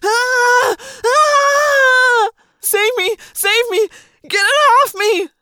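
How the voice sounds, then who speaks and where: A woman's voice: steady tone, very slow, bright, forceful tone, dry recording, studio quality, full character voice. A woman doing a shrieking, panicked young actor. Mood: terrified. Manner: high shrieking cries. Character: panicked male teen heartthrob actor, shrieking.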